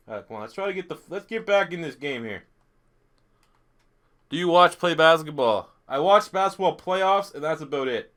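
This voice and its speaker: Fairly high-pitched and a bit bright, this young Canadian streamer's voice has lively intonation and a moderate pace. While playing a football video game live, he reads questions from chat and fires back blunt, crude, profane answers.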